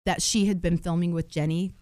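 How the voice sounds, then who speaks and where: A woman's voice: fairly low pitch, steady tone, a little fast, a little mellow, no room sound, studio quality. A woman telling stories in a casual chat, with lots of fillers and restarts. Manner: chatty storytelling, many fillers and restarts. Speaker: podcast guest.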